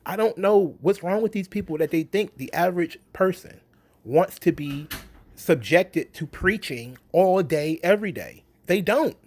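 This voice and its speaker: A man's voice: sits high, expressive, unhurried, darkish tone. A man in a casual opinion rant about wrestling, blunt, sarcastic and profane. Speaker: wrestling commentary vlogger.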